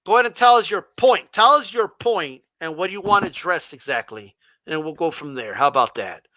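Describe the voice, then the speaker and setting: A man's voice: high-pitched, a little fast, no echo. A man hosting a boxing livestream, answering chat in a combative, confrontational way with pointed rhetorical questions. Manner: mocks a flat monotone voice. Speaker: boxing channel host reading live chat. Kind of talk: livestream talk.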